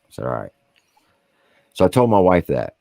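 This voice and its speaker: Very deep-voiced man telling war stories. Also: big pitch swings, normal speed, creaky, mellow, dry recording. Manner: profane, vivid storyteller. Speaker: military veteran podcast guest. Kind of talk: casual storytelling.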